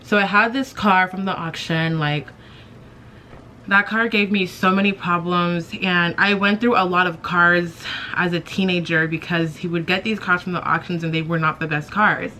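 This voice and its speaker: Bright-voiced young woman chatting to camera. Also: on the low side, steady tone, moderate pace, slight background noise. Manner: chatty, heavy use of "like", self-mocking. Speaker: beauty vlogger. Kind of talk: casual storytelling to camera.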